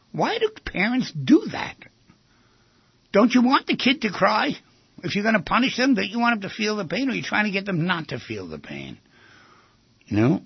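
A man giving an animated talk, firing off rhetorical questions and acting out quoted voices, on a slightly muffled lo-fi recording. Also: high-pitched, slightly rough, no room sound. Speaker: speaker giving a talk on relationships. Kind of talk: animated lecture to an audience.

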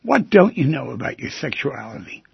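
Gravelly, husky man hosting a call-in show. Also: medium pitch, normal speed, no echo, lo-fi sound. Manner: questioning, teasing, animated with sudden loud bursts. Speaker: radio call-in host. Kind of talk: talk radio monologue.

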